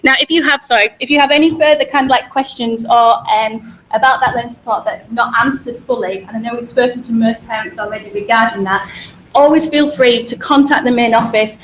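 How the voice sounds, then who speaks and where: A woman with a Hull accent, a music teacher talking quickly and energetically to parents at a school information evening. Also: a little high, a little hiss or hum. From Hull, England. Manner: fast-talking, energetic, repeats words for emphasis. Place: school hall. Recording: echoey hall.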